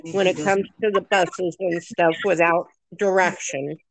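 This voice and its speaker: A woman's voice: fairly low pitch, level tone, a little slow, no room sound, rough recording. A woman telling stories in a chatty, exclaiming way during casual family chat. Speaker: podcast host.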